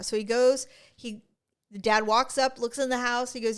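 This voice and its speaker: A woman co-hosting a podcast in casual chat, telling animated stories and acting out the people she quotes. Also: a little high, a little fast, clean tone. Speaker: podcast co-host.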